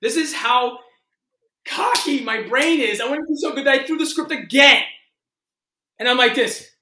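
A male actor telling audition stories in a casual interview, animated and full of "like". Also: extremely high pitch, slight background noise. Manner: animated, fast-shifting, heavy use of "like". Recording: roomy echo.

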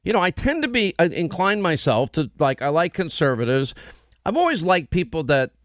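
A man hosting a radio and TV show, talking in casual on-air banter and telling blunt, animated stories with quoted asides. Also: a little high, moderate pace, dry recording, studio quality. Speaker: radio and TV host.

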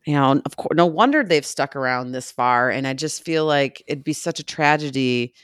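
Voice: medium pitch, normal speed, a bit bright, smooth, no echo, clean studio sound. A podcast co-host chatting casually and gushing with enthusiasm about animals. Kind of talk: casual chat.

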